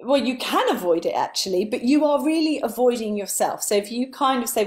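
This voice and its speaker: A woman spiritual coach talks live and earnestly to motivate, building her points in repeated lists. Her voice is a little high and animated, fairly quick with few pauses, and it sinks soft and breathy on key words.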